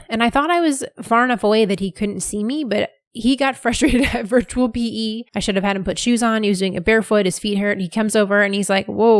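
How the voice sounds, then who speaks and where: A woman's voice: fairly high pitch, no room sound, clean studio sound. A woman in her thirties hosting a podcast, talking candidly and casually with plenty of "like" fillers. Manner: candid and chatty, many "like" fillers. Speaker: podcast host.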